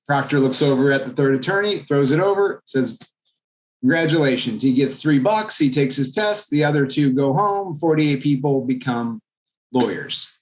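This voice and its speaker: A man, a real estate agent, telling an anecdote as a guest in a podcast interview, in a lively storytelling manner. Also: medium pitch, normal speed. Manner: animated anecdote telling, acts out quoted voices.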